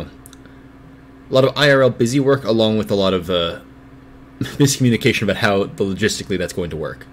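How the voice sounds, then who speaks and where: A man's voice: deep voice, a little hiss or hum. A man hosting a livestreamed podcast, chatting casually and rambling, with lots of fillers and restarts. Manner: rambling, self-deprecating, many fillers and restarts. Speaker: podcast host.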